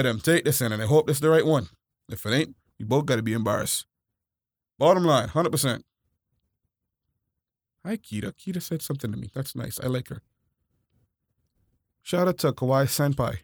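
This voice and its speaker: A man co-hosting a podcast in casual chat, loud and joking with frequent laughter. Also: mid-range voice, no echo, clean studio sound. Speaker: podcast co-host.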